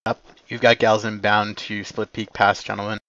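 A man commanding his team in an online game, giving brisk, polite tactical callouts and quick corrections. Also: fairly low pitch, monotone, a bit bright, dry recording. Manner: brisk, polite, slightly apologetic. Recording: dull lo-fi mic capture.

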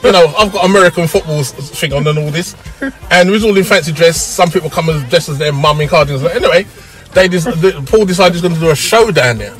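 A middle-aged man with a South London accent telling a long story in an interview, lively and quick to laugh and act out the voices. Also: a little high, soft background music. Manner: animated, breaks into laughter and acts out voices. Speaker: interview guest, radio pioneer. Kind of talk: casual storytelling.

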